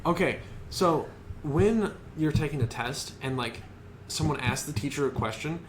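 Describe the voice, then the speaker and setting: Young man, podcast co-host, laid-back, hesitant, halting speech, faint background hiss. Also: a little high, expressive. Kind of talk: casual chat.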